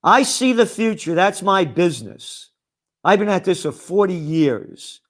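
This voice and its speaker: A man's voice: high voice, lively intonation, unhurried, a bit bright. Sarcastic ranting man. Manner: combative, sarcastic, mocking asides. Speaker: trends forecaster and publisher. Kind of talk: ranting promo monologue.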